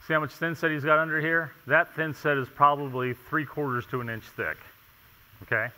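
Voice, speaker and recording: A man lecturing at a conference, emphatic and full of rhetorical questions, pausing for "okay?" again and again. His voice is very bright and forceful. Long reverb from a large hall trails behind each phrase. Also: fairly high pitch, steady tone. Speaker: tile installation inspector presenting. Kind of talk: conference presentation.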